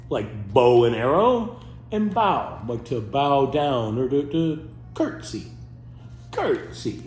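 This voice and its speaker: A man doing a playful comic monologue as a host, silly and animated. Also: mid-range voice, slow pace, echoey room, faint music behind. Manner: animated, silly, keeps breaking into goofy voices. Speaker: comedy host.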